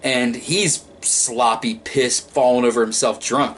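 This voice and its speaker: A man casually reviewing an animated film, rambling and swearing, with frequent restarts. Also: medium pitch, a little slow, a little hiss or hum.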